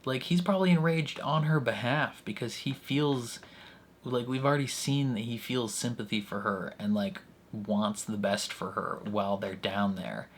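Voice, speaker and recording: A man's voice: medium pitch, moderate pace. A man casually reacting to a TV episode, chatty and rambling, with lots of filler words. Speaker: reaction channel host.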